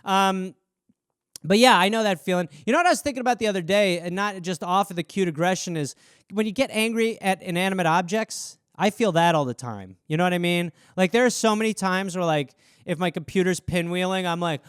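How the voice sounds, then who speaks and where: Podcast host, forties, rambling profane riffs, smooth high voice, dry close mic. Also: male voice, brisk, no room sound. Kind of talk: casual solo riffing.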